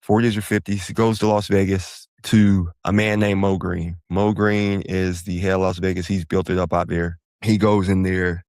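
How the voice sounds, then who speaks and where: A podcast host gives a casual solo explainer on money matters, rambling, drifting into digressions and correcting himself. His voice is low and darkish with a flat delivery at a moderate pace and hardly any pauses, recorded clean in a studio with no echo.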